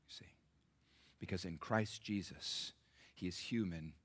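A man preaching a sermon as pastor, calling out to the congregation for responses and swinging between loud emphatic bursts and hushed, soft passages. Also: low-pitched, measured pace, pauses often, husky, whispered.

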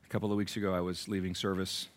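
A pastor delivers his sermon in a church with a somewhat low male voice. He speaks earnestly and personally, pushing some phrases out with force and dropping others to a near-whisper. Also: level tone, rapid-fire. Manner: earnest, shifts from raised emphasis to hushed near-whispers. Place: church sanctuary.

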